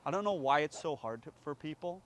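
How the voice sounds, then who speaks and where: A man's voice: on the high side, animated, brisk. A man telling casual stories about training dogs, acting out scenes with sound effects and little voices. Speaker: dog trainer in a played clip. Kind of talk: animated casual storytelling.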